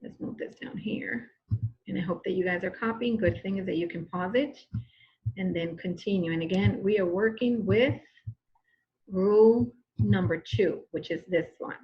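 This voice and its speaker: A woman's voice: medium pitch, normal speed, dull audio. A woman teacher giving a recorded grammar lesson, patient and repetitive, often checking in with "okay?".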